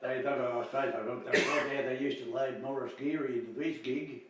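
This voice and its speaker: An older Australian man recalling family stories, halting and repeating himself, laughing often. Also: mid-range voice, steady tone. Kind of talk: casual reminiscing. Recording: distant mic in echoey room, faint hiss.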